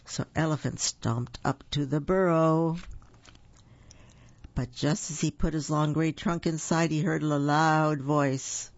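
Slow gravelly reader doing kids books, gentle asides, muffled sound. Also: medium pitch, fairly even intonation, dry recording. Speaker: storybook reader. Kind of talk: reading picture books aloud to children. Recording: dull lo-fi recording.

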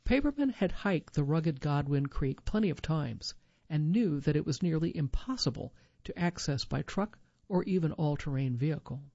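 A narrator reading a true survival story in a measured storytelling manner, lifting the quoted lines. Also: medium pitch, expressive, mellow, dry recording, lo-fi sound.

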